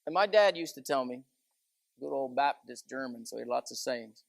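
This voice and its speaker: In a gravelly, medium-pitched voice with lively intonation, a male preacher talks at a moderate pace through a chatty sermon of stories and asides. His manner is folksy, he says "you know" a lot, and there's no echo.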